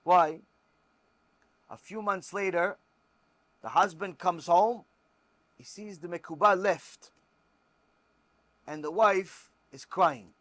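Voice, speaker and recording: A rabbi teaches religious law through stories, hammering his points with repetition. His voice sits high for a man. The recording is dry and close. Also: takes it slowly, pauses often, no echo. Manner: emphatic, repetitive, animated storyteller.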